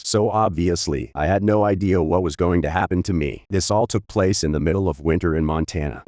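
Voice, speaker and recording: A man narrates a run of online stories in a steady, even read-aloud manner. His voice sits very low, and the recording is dry and close, with no room sound. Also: no echo.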